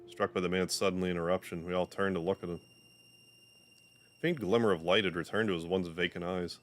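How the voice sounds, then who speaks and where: A man streaming a game, reading its story aloud in a steady voice and dropping casual asides. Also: deep voice, brisk. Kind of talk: reading a visual novel aloud on a livestream.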